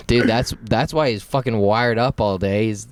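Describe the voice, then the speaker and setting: A man co-hosting a podcast, telling a story in casual chat, animated and laughing often as he acts out quotes. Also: medium pitch, a little slow. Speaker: podcast co-host.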